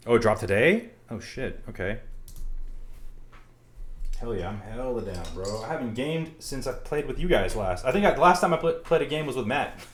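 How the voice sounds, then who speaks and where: A man's voice: medium pitch, expressive, moderate pace. A man streaming live, talking casually to his chat and muttering to himself while he rebuilds a keyboard, swearing now and then. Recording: roomy, with faint background noise.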